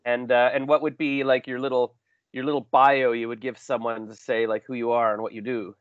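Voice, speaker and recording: A man's voice: medium pitch, little pitch movement, a little fast, no echo. Chatty self-deprecating man on lo-fi audio. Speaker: podcast host. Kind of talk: casual interview chat. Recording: dull lo-fi call audio.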